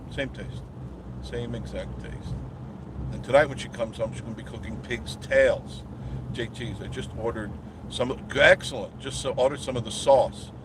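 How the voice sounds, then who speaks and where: Road and car noise fill the background as a channel host streams live from behind the wheel, rambling to his viewers in a folksy manner. He speaks at a medium pitch and a moderate pace.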